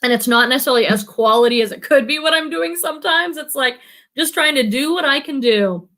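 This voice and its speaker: This is the high-pitched, talkative host of a reselling channel's livestream, reading viewer comments in a casual chat. She sounds animated and brisk, warm and friendly, laughing frequently and filling her speech with fillers.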